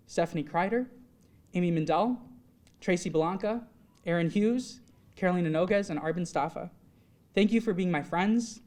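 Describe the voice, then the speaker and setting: Young guy from michigan giving a formal ceremony speech, earnest, heartfelt. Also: high voice. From Michigan, USA. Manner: earnest, heartfelt delivery with long lists of thanks. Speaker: newly elected state legislator. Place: large event hall before a live audience.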